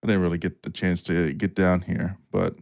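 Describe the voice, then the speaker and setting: Low-voiced young man hosting casually. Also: flat delivery, normal speed, gravelly, a little mellow. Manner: joking, swears freely. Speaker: podcast host. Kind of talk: casual chat.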